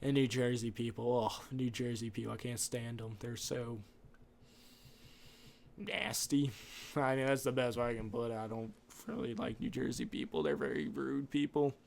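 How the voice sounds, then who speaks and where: Man, podcast host, rambling casual monologue, opinionated, mid-pitched voice. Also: normal speed, gravelly, darkish tone, slight background noise.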